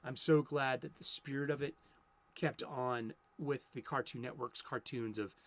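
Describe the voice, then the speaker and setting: A man's voice: mid-range voice, steady tone, moderate pace. A man in his fifties from Boston with a Boston accent, talking about comics in a casual, rambling solo monologue full of restarts. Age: 50s. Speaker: comics vlogger.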